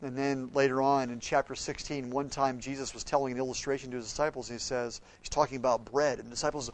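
A man preaching a sermon, telling stories with acted-out quotes and swinging between loud outbursts and soft, quiet passages. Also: mid-range voice, steady tone, fast talker, few pauses.

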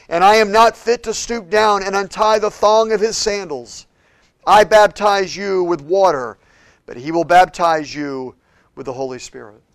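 A man with a gravelly edge to his somewhat high voice, preaching a sermon as pastor. He swings between loud, emphatic declarations and quiet, hushed passages. The sound is dry, with almost no room echo. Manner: preaches with big swings from shouting to hushed tones.

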